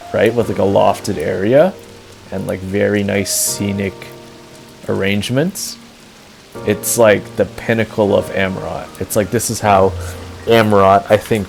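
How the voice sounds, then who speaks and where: A man's voice: fairly low pitch, gravelly, a little mellow, poor audio. A man streaming casually, rambling earnestly with lots of fillers about a build he admires. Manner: earnest, sentimental. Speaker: streamer touring a game housing build. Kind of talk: casual chat.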